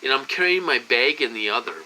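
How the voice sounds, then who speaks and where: Rambling man in his forties, bright voice. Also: mid-range voice, lively intonation, fairly quick, a little hiss or hum, rough recording. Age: 40s. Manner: rambling, restarts, addresses viewers as "you guys"; gets loud and agitated when retelling a confrontation. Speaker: vlogger. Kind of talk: casual rambling vlog monologue.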